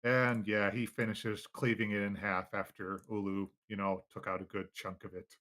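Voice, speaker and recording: Bright-toned man running a tabletop game. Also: on the low side, level tone, moderate pace. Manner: easygoing, many fillers. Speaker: game master. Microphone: video call.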